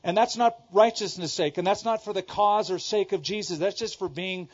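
A middle-aged pastor from Southern California preaches a sermon at a normal speed, his pitch sitting slightly high as he drives points home by repeating them. He swings between booming outbursts and hushed asides, emphatic throughout. The audio has a somewhat dull, lo-fi quality.

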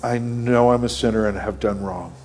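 A middle-aged pastor preaches an earnest sermon with an altar call, leading a prayer and acting out Bible scenes in quick voices. His voice is lowish with fairly even intonation, and a crowd can be heard behind him.

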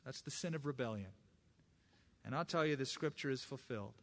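Male preacher, mid-pitched, expressive delivery that dramatizes quotes and testimony in the pulpit. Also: brisk. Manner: personal testimony. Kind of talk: sermon.

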